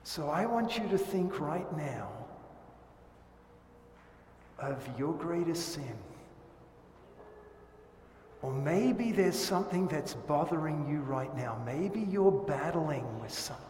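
Man, pastor, emotional sermon, slightly high voice, long reverb, faint room noise. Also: expressive. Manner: slow, emotional, drops to a hush. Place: church hall. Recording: echoey hall with faint ambience.

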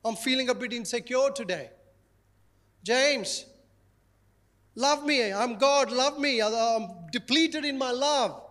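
A preacher doing a whiny, insecure God who begs for love in a pleading, high voice. The joke figure keeps asking to be loved and offers bribes. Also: male voice, takes it slowly, long pauses, a bit bright, exaggerated voice.

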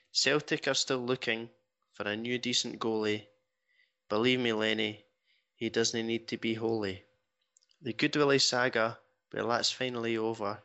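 Bright-voiced podcast host. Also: male voice, mid-range voice. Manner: modest, self-deprecating. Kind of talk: casual podcast chat and reading a poem aloud. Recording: dull lo-fi podcast audio.

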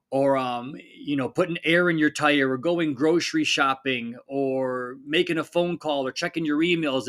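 A man in his thirties hosting a solo fitness podcast, talking in a casual, energetic coaching tone and acting out little quoted voices. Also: on the high side.

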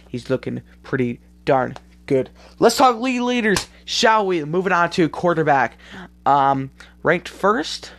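Gravelly-voiced man chatting loosely. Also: medium pitch. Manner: rambling, loose and chatty, frequent ums. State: tired, yawning. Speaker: podcast host. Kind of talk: casual solo sports podcast.

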